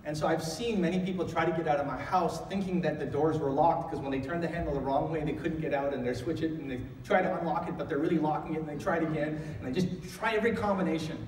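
A man's voice: on the high side, fast talker, hardly any pauses, darkish tone, reverberant, big-room sound, distant mic, a little hiss or hum, rough recording. A middle-aged man preaching a sermon in church, with a conversational storytelling manner that climbs into emphatic calls. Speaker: pastor. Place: church sanctuary.

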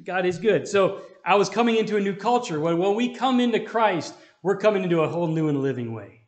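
A man's voice: high-pitched, expressive, brisk, echoey room. A man leading a Bible study, talking conversationally and calling on his listeners for amens. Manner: conversational, asks the room for amens. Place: church hall.

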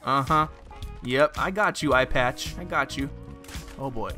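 A young man giving excitable, exclaiming, self-mocking commentary while he plays a shooter game. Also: mid-range voice, takes it slowly, faint music behind. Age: young adult. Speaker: gaming video host. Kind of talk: live gameplay commentary.

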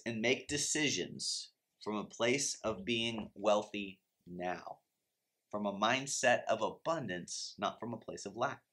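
Male teacher, 30s, mid-pitched, emphatic motivational preaching, acts out prayers. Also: a bit bright. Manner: earnest, emphatic, acts out inner prayers and reactions. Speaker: Christian finance teacher.

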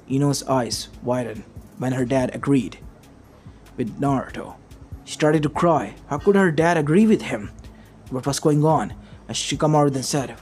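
A man's voice: medium pitch, moderate pace, darkish tone. A man reading a fan story aloud in a plain voice, stringing long run-on sentences together. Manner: run-on, loosely strung sentences. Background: faint background music.

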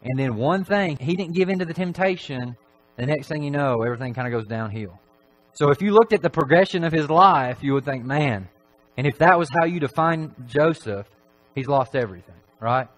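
A man preaching a Sunday evening sermon in a church, talking in a relaxed, conversational way with frequent filler phrases. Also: medium pitch, fairly quick, rough recording.

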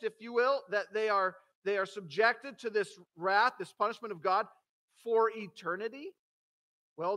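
A man's voice: sits high, pushed and bright. A man, the pastor, preaching a sermon to his congregation, reading scripture aloud and breaking off to explain it emphatically. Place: church sanctuary.

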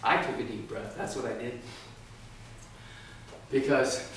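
A man's voice: mid-range voice, fairly even intonation, slow, long pauses, a bit bright. A man from Texas giving a humorous contest speech at a speaking workshop, with a theatrical, punchy alliterative delivery. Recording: echoey room from far off, faint noise.

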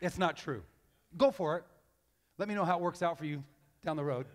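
A man giving a sermon as guest pastor, impassioned and animated, acting out the voices he quotes. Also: a little high, a little fast. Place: church sanctuary. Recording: long hall reverb.

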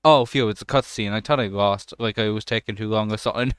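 A young man talks through a game in a smooth, resonant voice, recorded close and dry. He jokes, swears freely and jumps to excited yelps as he plays. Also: on the low side, quick pace, no echo. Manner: excitable, swears often, jokey running commentary. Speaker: gaming channel host. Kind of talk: let's play commentary.

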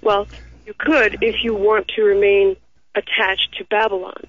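A woman's voice: mid-range voice, little pitch movement, a little slow, husky. A woman calling in to a radio talk show, speaking in an earnest, preachy way over the phone. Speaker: caller. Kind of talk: casual call-in chat. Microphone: telephone. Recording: tinny phone line.

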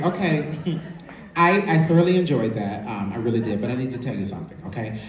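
A man's voice: medium pitch, fairly quick. A man hosting a live drag show, teasing an audience member on stage with a sassy, laughing delivery. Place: large theater stage. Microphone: filmed from the audience on a phone. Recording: echoey theater recorded from far off with crowd noise.

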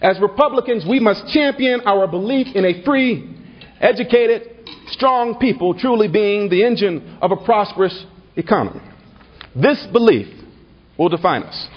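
Male political speaker with a high, husky voice and a stirring, refrain-heavy delivery, on a dull lo-fi banquet recording. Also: expressive, normal speed. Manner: builds to rhetorical refrains, tells a humorous anecdote. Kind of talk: rousing political dinner speech. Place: banquet hall at a party dinner.

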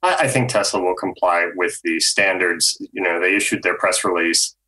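A man on a podcast panel, an automotive journalist explaining news in a measured way with frequent ums. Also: low voice, fairly even intonation, sharp tone, low-quality recording.

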